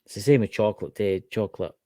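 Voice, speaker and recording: A man's voice: lowish voice, quick pace, warm tone, no echo. A Scottish man co-hosting a casual chat show, ranting animatedly and swearing freely. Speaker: podcast co-host.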